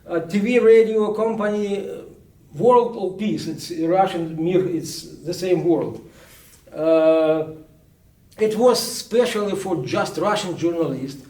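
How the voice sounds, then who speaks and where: A man, a journalist recounting events at a book presentation in a halting way, full of restarts. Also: sits high, warm tone. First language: Ukrainian. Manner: halting, many restarts and fillers. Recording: echoey room, speaker far from mic.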